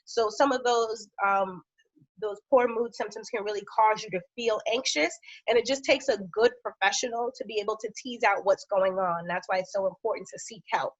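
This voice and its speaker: A woman health professional giving an informal educational talk, with conversational fillers and steady lists of symptoms. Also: medium pitch, fairly quick. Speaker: health professional speaking on a panel. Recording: dull, lo-fi dry sound.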